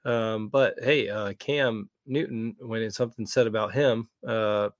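A man's voice: lowish voice, steady tone, a little slow, no room sound, clean studio sound. A man, co-hosting a sports podcast, talking hesitantly with many fillers. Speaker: podcast co-host. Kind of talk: casual sports podcast chat.

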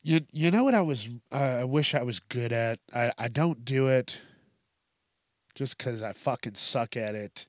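In a casual monologue, this male podcast host swears freely, pokes fun at himself, laughs a lot, and keeps restarting sentences. His voice is medium in pitch and his pace measured, captured as clean studio audio with no echo.

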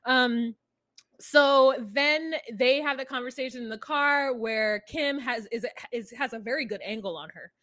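A woman co-hosting a podcast talks through a reality show episode in loose, chatty recap style. She scatters fillers and asides as she goes. Her voice sits a little high and sounds close and dry. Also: measured pace, bright, forceful tone, dry recording. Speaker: podcast co-host. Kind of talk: casual recap chat.

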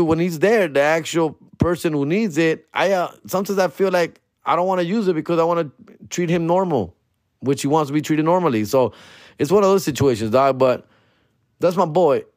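A man's voice: on the high side, no room sound. A man, a comedian hosting his own podcast, chatting casually in a laid-back, profane, slang-heavy way into a close mic. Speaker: stand-up comedian and podcast host. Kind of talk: casual solo podcast chat.

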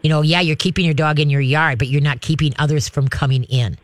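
Middle-aged male dog trainer, chatty and rambling, a touch high, dry. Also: steady tone, fast talker, dry recording. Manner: chatty, rambling, many "you know"s. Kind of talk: call-in advice.

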